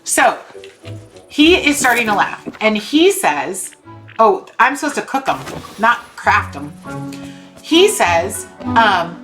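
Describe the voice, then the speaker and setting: Speaking slowly in a medium pitch, a young woman streamer recounts an exasperating story as she games, cursing now and then. The recording is low quality, with faint game music behind.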